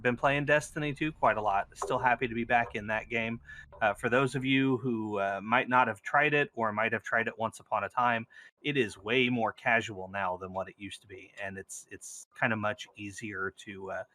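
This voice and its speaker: A man co-hosting a casual gaming podcast, upbeat and quick to laugh. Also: on the low side, steady tone, pushed and bright, a little hiss or hum. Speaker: co-host.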